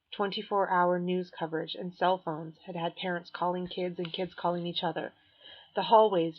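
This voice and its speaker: A woman reading a novel aloud in first person as an audiobook narrator, measured and clear. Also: on the low side, little pitch movement. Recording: dull lo-fi recording.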